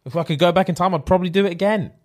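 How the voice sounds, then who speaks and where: A man's voice: sits high, rapid-fire, a little mellow. A young man, co-hosting a podcast with brash, blunt banter in casual chat. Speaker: podcast co-host.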